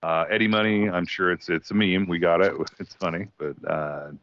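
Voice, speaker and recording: Male podcast co-host, deep, hesitant rambling, lively pitch, dull lo-fi dry sound. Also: moderate pace, dry recording. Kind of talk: casual podcast chat.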